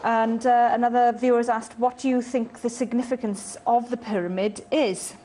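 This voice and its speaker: Brisk woman reading viewer texts. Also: fairly high pitch, fairly even intonation, warm tone, slight background noise. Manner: brisk, reads out messages with filler uhs. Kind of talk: reading viewer questions on air.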